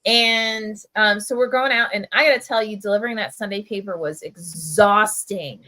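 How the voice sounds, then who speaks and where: A middle-aged press editor from Camden, New Jersey, tells a story on a video call livestream. Her voice is bright and forward, middling in pitch and steady at normal speed, loose and chatty, full of "like", "you know" and "right?". The audio is poor.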